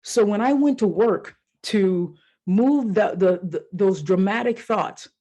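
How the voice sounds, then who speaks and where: Animated woman coach telling stories. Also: medium pitch, slow pace. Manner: animated storyteller who acts out her own inner voices; casual and candid, with mild swearing. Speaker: life coach and podcast host. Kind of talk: solo podcast monologue.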